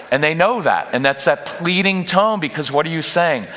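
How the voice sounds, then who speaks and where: A man gives a lively parenting workshop in a church, his voice bright and forward. He talks straight to the audience and drops in quick rhetorical questions. His voice rings with a long hall reverb. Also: a little high. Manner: direct, conversational, quick asides to the audience. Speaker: guest speaker at a parenting workshop. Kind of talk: live workshop talk.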